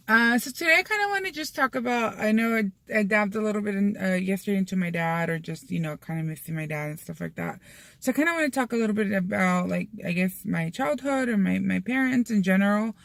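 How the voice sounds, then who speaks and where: Chatty young woman with a gravelly edge. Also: mid-range voice, animated, a little fast, dry recording. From Mexican-American family. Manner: chatty, many fillers, mixes in Spanish phrases. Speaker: vlogger. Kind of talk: casual chat to camera.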